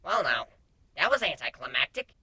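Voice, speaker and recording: A sardonic shapeshifter, played by a man in a raised, lively voice full of wry sarcasm. The tone is bright and sharp, recorded dry and close. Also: on the high side, moderate pace, slightly rough, no echo, pitched below the performer's own voice, exaggerated voice. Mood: sarcastic.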